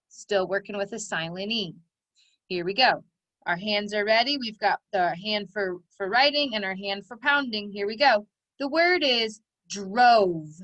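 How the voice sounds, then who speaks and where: Woman phonics teacher, slightly high voice, slow and encouraging dictation. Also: pushed and bright. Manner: encouraging, stretches out sounds and letters. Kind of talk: slow, clearly enunciated dictation lesson.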